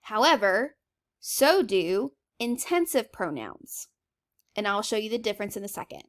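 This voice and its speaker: A woman teacher talks through a grammar lesson in a casual, chatty way. She stresses her example sentences and keeps checking in with "okay?" Her voice sits at an ordinary middle pitch. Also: sing-song, a little slow.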